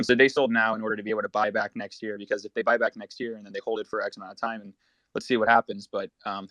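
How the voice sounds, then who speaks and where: Brief: a lower-voiced male market commentator who talks fast and rambles loosely, with dry close sound. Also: a bit bright, no room sound. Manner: rapid, rambling, heavy use of "like". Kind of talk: casual audio-chat discussion.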